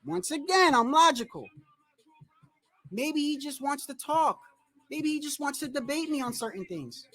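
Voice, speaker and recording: A man's voice: very high voice, expressive, moderate pace, pushed and bright. A man telling a rambling, profane story on a casual livestream about boxing. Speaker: boxing commentary streamer.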